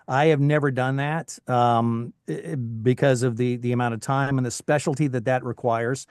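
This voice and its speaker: A middle-aged voice actor from Tennessee with a faint Southern accent, chatting casually in an interview with lots of restarts. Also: male voice, medium pitch, steady tone, moderate pace, darkish tone, clean tone, no room sound, clean studio sound. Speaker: voice actor, guest.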